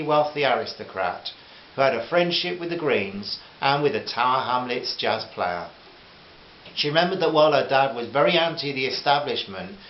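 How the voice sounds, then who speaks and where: Man reading his own story aloud. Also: mid-range voice. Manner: gentle, chatty asides to listeners. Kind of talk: audiobook narration with character voices. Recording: roomy, dull home recording with hiss.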